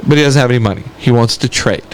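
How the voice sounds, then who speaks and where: A man's voice: mid-range voice, rapid-fire, slight background noise. A man co-hosting a podcast, telling a story in a casual chat and laughing often as he talks. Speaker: podcast co-host.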